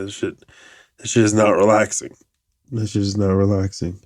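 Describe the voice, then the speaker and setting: A man in his thirties hosting a podcast, talking in a casual, profane, rambling monologue with animated asides. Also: fairly low pitch, normal speed, pauses often, no echo, studio quality. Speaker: podcast host.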